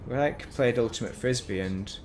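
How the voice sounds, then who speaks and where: A man's voice: medium pitch, normal speed, slight background noise. Chatty northern English man gaming. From Northern England. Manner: rambling, chatty, self-mocking asides. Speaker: gaming streamer. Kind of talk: casual gameplay commentary.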